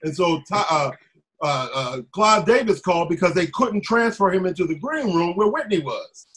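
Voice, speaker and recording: A man telling animated behind-the-scenes stories in a casual group chat, acting out the people he quotes. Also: high-pitched, moderate pace. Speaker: former music TV staffer telling stories.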